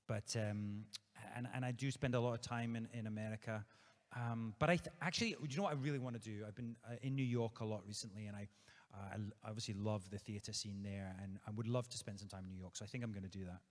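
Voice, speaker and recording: Easygoing Scottish man, low voice. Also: steady tone, quick pace. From Scotland. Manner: easygoing and playful, rambling with many fillers and restarts. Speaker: guest author at a live book event. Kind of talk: live on-stage Q&A chat. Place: theatre stage before an audience. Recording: long hall reverb from a live venue.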